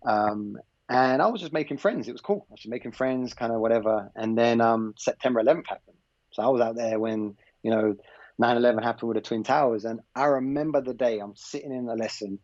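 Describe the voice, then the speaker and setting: English man, mid-pitched, rambling storyteller, acts out dialogue, dull dry recording. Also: brisk, a little mellow, no echo. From England. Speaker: podcast guest, former basketball player. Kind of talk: casual anecdotal storytelling.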